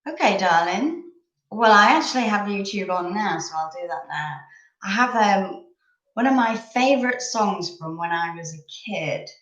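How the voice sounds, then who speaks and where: A woman's voice: mid-range voice, animated, moderate pace, fairly bright tone, echoey room, muffled recording. A woman in her thirties from England, chatting casually and rambling a little as she hosts a live chat over coffee. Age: 30s.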